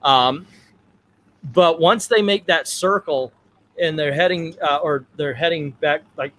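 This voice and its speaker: A man's voice: on the high side, unhurried, fairly bright tone. A man hosting a casual chat, joking and stammering a little as he steers the discussion. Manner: jokey, stammers on restarts, leads the discussion. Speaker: podcast host.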